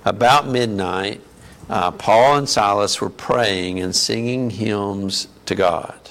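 A man's voice: on the low side, slow pace, fairly bright tone. A man preaching a sermon in a conversational teaching manner, often asking the congregation questions.

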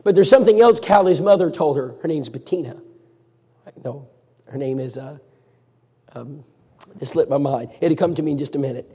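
A man preaching a sermon as a dramatic story, swinging between loud and hushed. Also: a little high, normal speed, pauses often, slightly rough, long reverb tail.

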